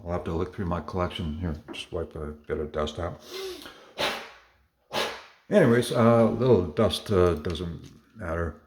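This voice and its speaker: Showing off his model car collection in a relaxed show-and-tell, a Canadian man rambles enthusiastically, filling gaps and correcting himself often. He speaks unhurriedly in a low, slightly mellow voice, with long pauses.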